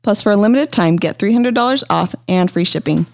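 A woman's voice: medium pitch, animated, brisk, vocal fry, a little mellow. Woman, podcast co-host, casual chat, enthusiastic, mid-range voice. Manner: enthusiastic, upbeat.

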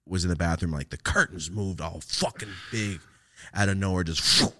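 A man's voice: low voice, moderate pace. A young man from California, a podcast host, telling stories in casual chat, swearing constantly and laughing often. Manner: animated storytelling, laughs a lot, cusses constantly.

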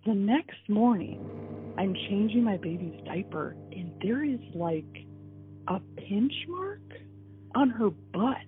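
A woman recounting events in an interview, telling it in a lively way and acting out what people said. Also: slow pace, slight background noise. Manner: animated storytelling, acts out dialogue with swings in pitch. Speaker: wife and mother recounting events. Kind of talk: recorded interview testimony. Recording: tinny phone-like audio with faint music.

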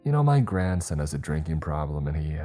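A man voicing a nosy, sharp-tongued elderly woman neighbor who scolds and judges. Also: very deep voice, sing-song, brisk, soft background music, full character voice. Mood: scolding. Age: older.

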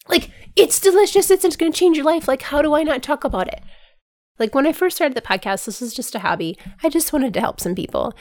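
A woman's voice: sits high, expressive, quick pace, darkish tone, no echo, clean studio sound. A woman hosting her own podcast in a casual, earnest monologue, her voice worn from being sick, filling her talk with "like" constantly. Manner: earnest, chatty, fills with "like" constantly. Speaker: podcast host.

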